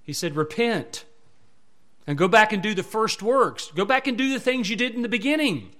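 Male pastor, fairly high voice, emphatic sermon delivery. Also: lively intonation, moderate pace, a bit bright.

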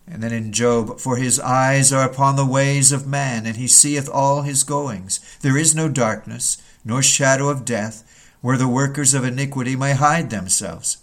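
A man's voice: mid-range voice, measured pace. A man reading an old Puritan sermon aloud, earnest and building to urgent rhetorical questions.

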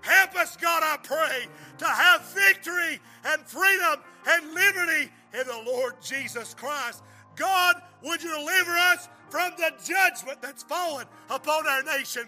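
A man preaching a revival sermon and praying at the altar call, his voice high and piercingly bright. He swings from fervent shouts down to sudden hushed appeals. Faint music plays beneath him. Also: measured pace.

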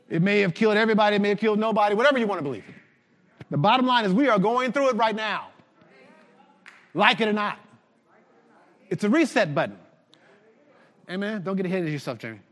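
A man preaching a sermon to his church, animated and shouting at the peaks. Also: high voice, big-room sound. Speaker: pastor.

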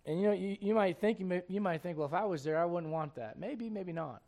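A man preaching a sermon, chatty and repetitive with asides to the listeners, swinging from hushed tender passages to loud shouting bursts. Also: high-pitched, quick pace. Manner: repeats words, folksy asides to the congregation.

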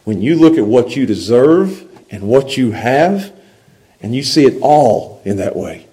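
A male pastor preaching a sermon, animated and conversational, often checking in with his listeners. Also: mid-range voice, unhurried, low-quality recording.

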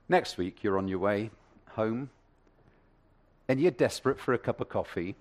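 A man's voice: lowish voice, expressive, moderate pace, long pauses, darkish tone. A male pastor preaching a sermon, telling a story with acted asides and the odd stammer.

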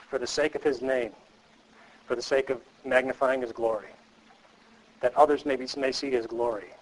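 A medium-pitched man speaks earnestly and emphatically in a teaching lecture for counselors, repeating important phrases and asking the class rhetorical questions; the recording is low quality.

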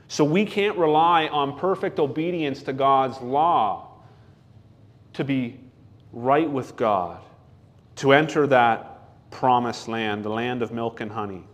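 A man preaching a sermon, reading scripture slowly and deliberately, asking questions and answering them himself. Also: medium pitch.

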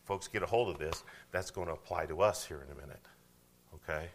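Man, deep voice, sermon, questions to the congregation, loud and hushed turns. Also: a little fast, a little hiss or hum. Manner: conversational preaching, asks the congregation questions, swings from loud to hushed. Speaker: pastor.

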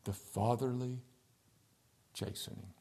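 A male pastor preaches a midweek sermon in a church, his voice mid-pitched with a gravelly edge. He dwells on words, sinks to near-whispers, then pushes phrases out with force. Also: fairly even intonation, slow. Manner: emphatic preaching, swinging from soft near-whispers to loud stresses. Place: church sanctuary.

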